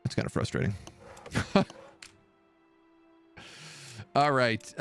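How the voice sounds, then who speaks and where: Lively-voiced man musing over a game. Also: on the low side, moderate pace. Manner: musing, thinking aloud. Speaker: live streamer. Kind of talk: gameplay commentary. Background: game music.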